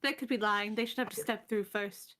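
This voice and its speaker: A woman's voice: medium pitch, fairly even intonation, brisk, bright, forceful tone. A woman playing a tabletop game, making dry, sardonic remarks. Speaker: player.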